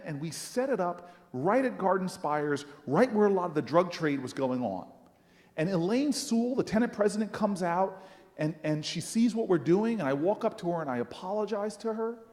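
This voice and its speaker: A man, a senator speaking at a rally, telling a personal story in an animated, dramatic, self-mocking way in a large hall. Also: high voice. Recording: long reverb from a large hall.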